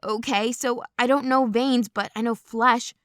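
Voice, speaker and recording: A woman reading an audiobook voices a protective young man in a low, steady murmur. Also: measured pace, no room sound, clean studio sound.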